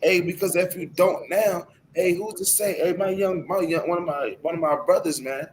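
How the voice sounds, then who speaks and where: A man's voice: sits high, fairly even intonation, moderate pace, slight background noise. A man leading a casual scripture discussion, loose and emphatic, peppering his speech with "hey" and "man". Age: adult. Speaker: class speaker.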